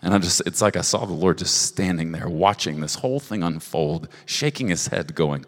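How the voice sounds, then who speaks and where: Deep-voiced man ministering in a reverberant hall. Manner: halting, with restarts and soft asides. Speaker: prophetic minister. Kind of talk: prophetic ministry at a church service.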